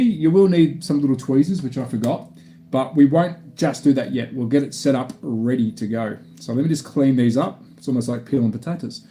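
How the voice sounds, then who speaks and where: A man's voice: mid-range voice, warm tone, slight background noise. A man from Australia with an Australian accent, chatting casually on a live stream while building a model kit, rambling and restarting often.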